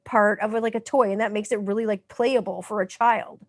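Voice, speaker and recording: A woman in her thirties from Canada hosting a podcast in casual chat, animated and full of fillers, swearing freely. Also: medium pitch, fairly quick, no echo, clean studio sound. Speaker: podcast host.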